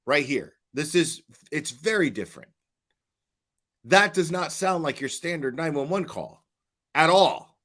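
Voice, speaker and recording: A man's voice: fairly high pitch, animated, a bit bright. Stammering man talking to his stream chat. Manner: halting, stammers and repeats words; questioning, talks to the chat. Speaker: online commentator. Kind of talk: casual livestream commentary.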